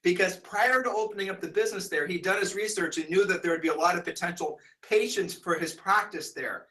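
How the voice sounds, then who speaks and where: A man telling a long story to an audience in a rambling, animated way, full of restarts. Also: high-pitched, a little fast, rough recording. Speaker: speaker telling a sales story.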